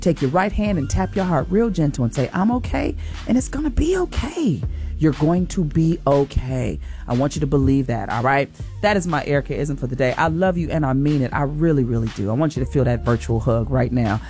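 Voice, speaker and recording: Slow, soothing woman preaching. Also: extremely low pitch, a little mellow, faint music behind. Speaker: radio show host. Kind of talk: inspirational faith talk.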